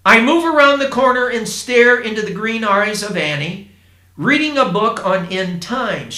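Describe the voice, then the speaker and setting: A man from Indiana telling a first-person story in a plain, unhurried way, with asides to his listeners. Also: high-pitched, lively intonation, bright, forceful tone. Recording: roomy echo.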